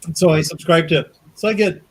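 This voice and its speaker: A man's voice: on the high side, brisk, husky, low-quality recording. A man hosting an interview show, asking friendly, rambling questions full of fillers. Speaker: show host. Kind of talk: casual interview chat.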